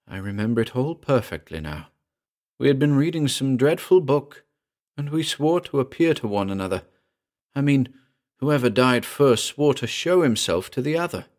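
A man reading aloud, voicing a frightened young man whose voice rises and trembles. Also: lowish voice. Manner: urgent, voice rising and trembling.

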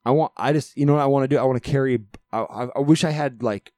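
A man's voice: mid-range voice, fast talker, a little mellow, no room sound. A man co-hosting a podcast in casual chat, rambling and profane, often repeating words as he builds a point. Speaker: podcast co-host.

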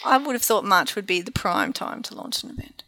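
A woman's voice: mid-range voice, big pitch swings, fairly quick, pushed and bright, no echo. A woman co-hosting a podcast, chatting casually in a musing way. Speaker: podcast co-host. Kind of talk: casual chat.

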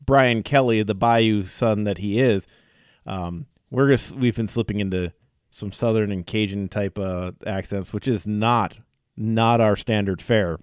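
A man's voice: on the low side, measured pace, smooth, no room sound, studio quality. A man hosting a casual sports podcast, joking and chatty with restarts and fillers. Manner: jokey, self-deprecating, fillers and restarts. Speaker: podcast host. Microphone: podcast mic.

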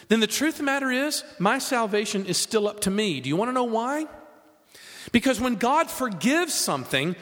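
A man preaching a sermon, emphatic and animated, asking the audience rhetorical questions. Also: sits high. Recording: reverberant hall.

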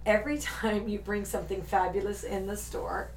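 A woman's voice: mid-range voice, fairly even intonation, moderate pace, crowd noise. A middle-aged woman hosting a podcast, chatting casually and laughing often. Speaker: podcast host and shop owner. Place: indoor room, on a couch. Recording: echoey room, distant mic, faint noise.

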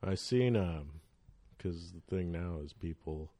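Laid-back low-voiced guy telling stories. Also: a little slow, warm tone, no room sound. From northern California. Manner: laid-back, laughing, slangy. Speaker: podcast guest, DJ. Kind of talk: casual storytelling chat.

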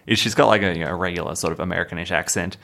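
Deep-voiced man with dry wit. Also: fairly even intonation, rapid-fire, gravelly, fairly bright tone. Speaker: podcast co-host. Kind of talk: casual anime podcast chat.

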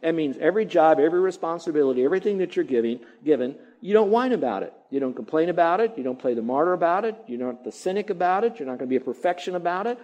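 A man's voice: a little high, expressive, very fast, few pauses, a little mellow, lo-fi sound. A male pastor preaching a sermon, emphatic and repeating phrases for effect.

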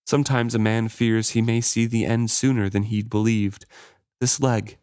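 A man reading the lines of a manipulative, injured male ship captain aloud from a book, in a low, dry voice. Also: little pitch movement, moderate pace, clear, resonant tone, dry recording, natural voice. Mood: pleading. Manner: read aloud quietly from a book.

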